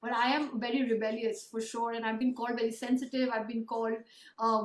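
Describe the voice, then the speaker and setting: A woman in her late thirties with a high voice hosts a heartfelt interview. She talks expressively and emphatically, sharing her own stories. She sits some way off the mic in an echoey room. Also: far from the mic. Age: 30s. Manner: expressive, emphatic, quick to agree. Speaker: host and book author. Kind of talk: casual interview conversation.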